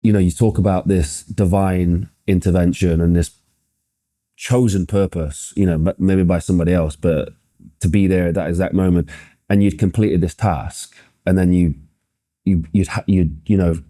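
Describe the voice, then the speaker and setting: A man's voice: deep voice, steady tone, normal speed, warm tone, no echo, clean studio sound. A man interviewing a guest, asking thoughtful, searching questions. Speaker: podcast interviewer.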